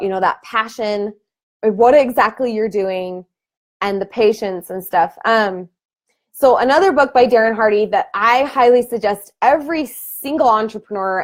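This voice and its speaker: A woman in her thirties, a fitness team coach, talking casually on a live video call and laughing often, with sudden animated bursts. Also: on the high side. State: emotional.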